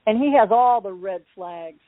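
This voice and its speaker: A woman guest in an interview, telling her personal story in an animated, wry way and acting out the voices of people in it. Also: mid-range voice, moderate pace, no echo. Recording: dry, tinny phone-line sound.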